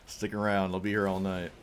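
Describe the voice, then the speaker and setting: A man's voice: lowish voice, a little hiss or hum. A man streaming a card game, giving playful, joking commentary and talking at his opponent. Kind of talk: casual gameplay commentary.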